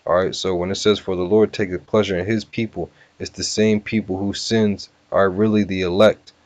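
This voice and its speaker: A man teaching a scripture lesson, casual and repetitive, sounding out words slowly. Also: low voice, little pitch movement, darkish tone, no room sound. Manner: casual, repeats "all right" and "you know", sounds words out slowly. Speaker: bible teacher. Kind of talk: scripture lesson with word-by-word breakdown.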